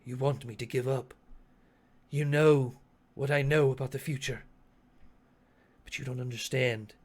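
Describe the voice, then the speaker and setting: A man voicing a calm male sage who bends time, speaking quietly, steadily and with resolve in a tabletop game. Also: medium pitch, measured pace, husky. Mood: resolute.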